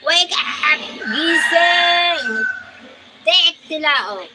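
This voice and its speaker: A woman voicing a bossy rooster that nags people to wake up and work, in loud scolding commands. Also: very high voice, lively intonation, drawn-out words, very noisy, voice pushed up, exaggerated voice.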